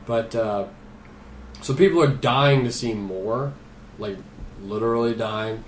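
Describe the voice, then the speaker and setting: A man's voice: mid-range voice, slow, slight background noise. A man co-hosting a casual podcast chat, talking animatedly, swearing freely and laughing between words. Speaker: podcast co-host. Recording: roomy echo.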